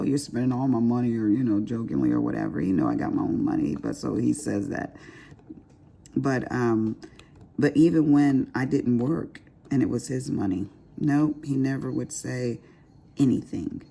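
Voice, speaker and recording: Middle-aged woman, casual crafting vlogger; mellow, gravelly voice that swoops around a lot. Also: very deep voice. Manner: chatty, expressive, calls listeners honey. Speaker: diamond painting vlogger. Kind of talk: casual chat while crafting.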